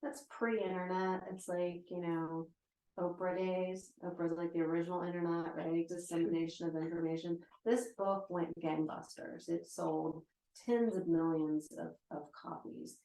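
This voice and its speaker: A woman's voice: fairly low pitch, fairly even intonation, a little slow, dark tone. A woman in her forties teaching yoga and meditation in a casual live lecture, chatty and full of "right?" asides. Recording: roomy echo.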